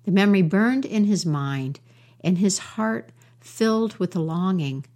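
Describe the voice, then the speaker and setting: A woman storyteller telling a folk tale in an unhurried, warm way. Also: medium pitch, animated.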